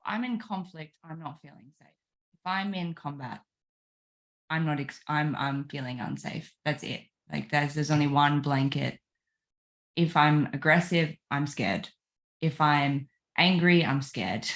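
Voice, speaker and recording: Soft-spoken woman with a low voice. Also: measured pace. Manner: soft, reflective, repeats phrases for emphasis. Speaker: guest. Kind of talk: earnest relationship conversation.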